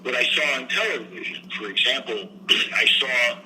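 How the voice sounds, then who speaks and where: An older man from New Jersey, a guest entertainer, rambles through casual interview answers in a medium-pitched voice that's lively, bright, and forceful at normal speed. He meanders with many fillers and restarts and clears his throat, and the audio is poor with slight background noise.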